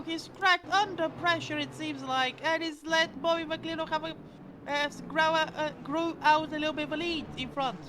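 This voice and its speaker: A woman commentating a sim race live, excitable, often stumbling over words and correcting herself. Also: high voice, normal speed. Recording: loud background noise.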